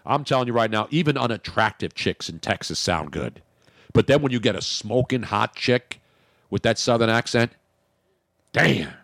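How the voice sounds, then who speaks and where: A man's voice: mid-range voice, expressive, moderate pace, creaky, fairly bright tone, dry recording, clean studio sound. A man hosting a talk radio show, bantering in a brash, joking way with crude asides.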